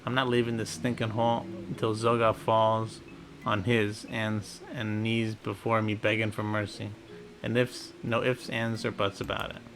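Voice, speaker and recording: A man voicing a brash, rough-spoken woman sailor who blusters and scolds, for a video game. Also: fairly low pitch, flat delivery, normal speed, a bit bright, slight background noise. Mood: defiant.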